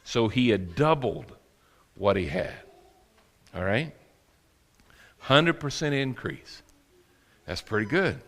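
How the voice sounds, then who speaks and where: A man's voice: medium pitch, animated, slow, pauses often, fairly bright tone, in a large hall. A man preaching a sermon, telling stories with acted quotes and laughter. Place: church sanctuary.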